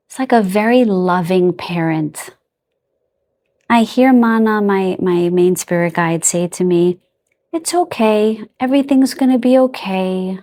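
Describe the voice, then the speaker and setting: A woman giving a casual card reading to her viewers, gentle and affectionate, laughing softly as she rambles and restarts her sentences. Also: medium pitch. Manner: loose and rambling, trailing off and restarting. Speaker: tarot and oracle card reader.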